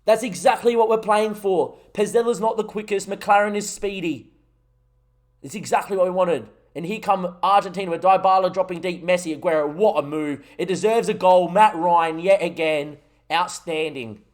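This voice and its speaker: A young Australian man streaming a football management game, commentating the match live and getting excited at goals while talking to his chat. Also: high-pitched, moderate pace. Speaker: gaming streamer.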